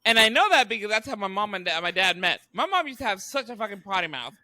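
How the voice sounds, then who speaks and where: Young male podcast co-host, animated and profane, quick to mimic others. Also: sits high, dry recording, studio quality. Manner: profane, joking, mimics others mid-story. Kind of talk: casual podcast chat.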